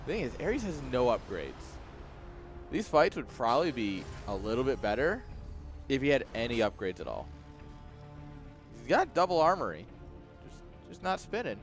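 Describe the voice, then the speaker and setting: A man's voice: mid-range voice, very animated, normal speed, long pauses, soft background music. A man casting a strategy game live for his stream, chatty, laughing often and talking straight to his chat. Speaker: esports caster and streamer. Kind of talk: live game commentary mixed with chat to viewers. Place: home streaming room with a webcam.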